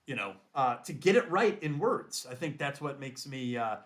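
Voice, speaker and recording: A man's voice: mid-range voice, sing-song, normal speed, fairly bright tone. A man, a guest author on a podcast interview, thinking aloud as he explains how he works.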